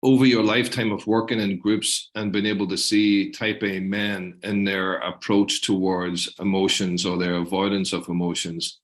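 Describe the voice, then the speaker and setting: A male clinician interviewing a guest, appreciative and often repeating words as he builds a question. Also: fairly low pitch.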